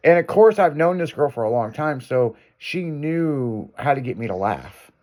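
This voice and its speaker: A man's voice: a little high, big pitch swings, measured pace, a little mellow. A male radio host telling a crude story in casual talk, swearing often and laughing as he goes. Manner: profane, laughing through his story. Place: radio studio.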